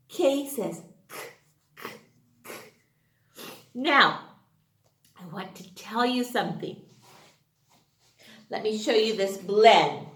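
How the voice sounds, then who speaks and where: Teacher, woman, slightly high voice, slow and exaggerated, echoey classroom sound. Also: expressive. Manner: sing-song, exaggerated, drawn-out sounds. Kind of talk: phonics lesson for young children. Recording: echoey room.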